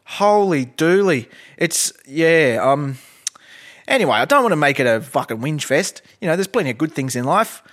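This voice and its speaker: Aussie guy rambling on his podcast, swears a lot, voice a bit on the high side. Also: sing-song, moderate pace, a bit bright. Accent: Australian. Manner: blunt, profane, rambling with many fillers. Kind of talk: rambling comedic monologue.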